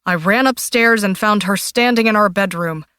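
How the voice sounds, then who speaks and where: Woman reader doing a distraught husband, loud, strained, higher than her narration, defensive, dry audiobook. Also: moderate pace, clear, resonant tone, no room sound, close to an everyday voice. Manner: loud, raised, strained pleading. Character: distraught middle-aged husband, defensive and desperate.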